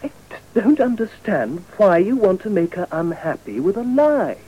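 A man's voice: sits high, sing-song, normal speed, mellow, slightly rough, heavily acted, poor audio. An actor playing a polite, awkward upper-class teenage boy, talking hesitantly and earnestly. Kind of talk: radio drama acting.

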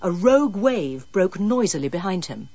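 Husky-voiced woman narrating a story. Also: lowish voice, sing-song, moderate pace, warm tone, dry recording, muffled recording. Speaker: audiobook narrator. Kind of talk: scripted narration.

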